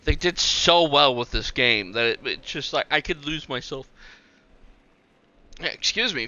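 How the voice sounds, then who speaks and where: A man's voice: mid-range voice, expressive, unhurried, long pauses, bright, forceful tone. A man streaming a park-building game, rambling casually as he plays and talking to the animals on screen. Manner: rambling, chatty, talks to the game. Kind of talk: casual gameplay commentary.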